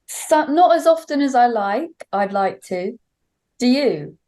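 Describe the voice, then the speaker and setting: A woman's voice: on the high side, lively intonation, slow, mellow. A young woman singer, a guest on an interview show, telling a story at length with many fillers. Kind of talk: casual interview chat.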